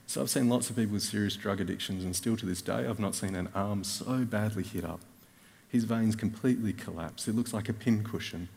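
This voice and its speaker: A man's voice: fairly low pitch, brisk, creaky, a little mellow. A man with an Australian accent preaching a sermon as a guest speaker, telling a personal story with wry, self-mocking asides. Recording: reverberant church hall.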